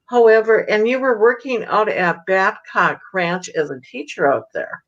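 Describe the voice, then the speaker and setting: A woman's voice: medium pitch, a little slow. A woman hosting a community radio interview, chatting in a loose, digressive way. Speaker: radio show host. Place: radio studio. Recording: dull lo-fi radio sound.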